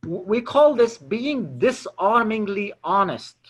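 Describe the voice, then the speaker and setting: A man's voice: sits high, sing-song, slow, husky. A man leading a live sales workshop, acting out phone calls and quizzing his audience. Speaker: sales trainer.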